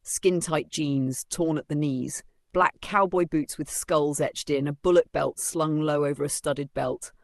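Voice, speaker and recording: A man's voice: a little high, fairly even intonation, measured pace, few pauses, dry recording. A man narrating a first-person novel in a dry, sardonic storytelling manner. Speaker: audiobook narrator.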